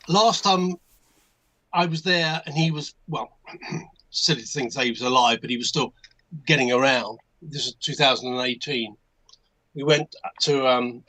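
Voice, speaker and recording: A man's voice: a little high, pushed and bright, rough recording. An older man with an English accent, telling a rambling anecdote as a guest on a hobby livestream, full of restarts and asides. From England. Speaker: guest modelmaker.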